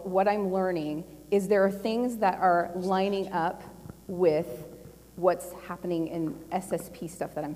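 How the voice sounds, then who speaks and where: Chatty woman speaking in an echoing hall. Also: on the low side. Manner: chatty and animated, laughing often, with lots of fillers. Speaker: conference speaker. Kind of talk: casual personal storytelling talk. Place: large conference hall. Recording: long hall reverb.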